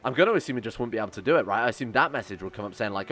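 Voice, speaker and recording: Rambling excitable male game streamer. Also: mid-range voice, rapid-fire, soft background music. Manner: rambling, excitable, thinks aloud with many fillers. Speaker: gaming streamer. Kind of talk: casual let's-play commentary.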